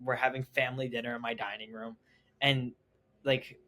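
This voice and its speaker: Bright-voiced young man telling a story. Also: medium pitch, normal speed. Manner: animated, acts out family members' lines, heavy "like" fillers. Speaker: podcast guest. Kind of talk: casual storytelling.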